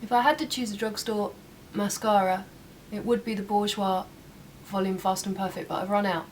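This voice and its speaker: Chatting as she does her makeup at home, this young woman keeps up a casual patter with occasional asides. She speaks at a normal speed in a steady, mid-range voice. Faint room noise comes through a slightly distant mic.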